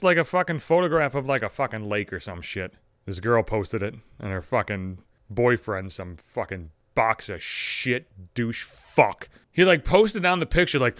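A man's voice: mid-range voice, a bit bright, dry recording, studio quality. A man hosting a solo comedy podcast, ranting profanely and acting out other people's voices. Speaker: podcast host.

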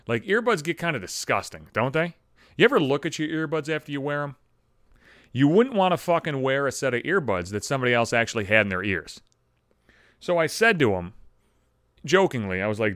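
A man's voice: a little high, big pitch swings, fast, a bit bright, no room sound, studio quality. A young man delivering a profane comedic rant, exasperated and swearing constantly, recorded at home on a microphone. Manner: heavy swearing, exasperated ranting. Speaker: comedic monologue host. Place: home room. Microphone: studio microphone.

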